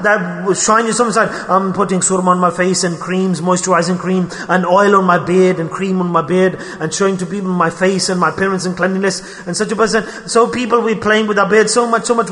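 A male preacher delivers an impassioned, pleading sermon, dropping Arabic and Urdu religious terms into his English. His voice sits high and rings bright and forceful. A long hall reverb trails behind every phrase.

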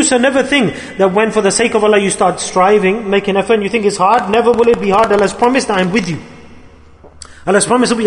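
Man, high voice, impassioned sermon, echoing hall. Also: fast. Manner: impassioned, rises and falls in emphasis, quotes figures in his own voice. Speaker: preacher. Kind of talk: sermon storytelling. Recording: hall reverb.

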